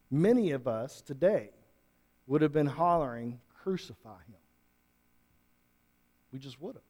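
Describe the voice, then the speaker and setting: High-voiced preaching man. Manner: dynamic, rising to loud emphatic preaching. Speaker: pastor. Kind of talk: sermon. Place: church room with congregation.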